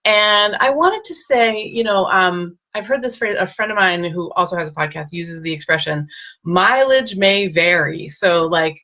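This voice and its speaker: Woman with a bright, lo-fi voice. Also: on the low side, lively intonation, normal speed. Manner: gentle, reassuring, addresses live viewers by name. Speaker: parenting advice host. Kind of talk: casual live-stream advice talk.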